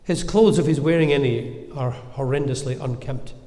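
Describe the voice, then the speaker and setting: Preacher in an echoey church. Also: male voice, medium pitch. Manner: measured, gentle, earnest preaching with reflective pauses. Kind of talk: sermon. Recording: echoey church with long reverb.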